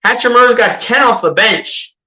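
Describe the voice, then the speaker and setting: On a rough recording, a fan calls a basketball game live at normal speed, his mid-range voice bright and forceful. He's exasperated and chatty, hurling rhetorical questions at the team and often backtracking or saying things twice.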